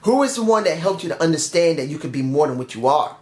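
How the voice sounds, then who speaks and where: A man voicing a menacing veteran male wrestler who taunts with slow, goading questions. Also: fairly high pitch, expressive, slight background noise, lightly acted. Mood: taunting. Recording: roomy echo.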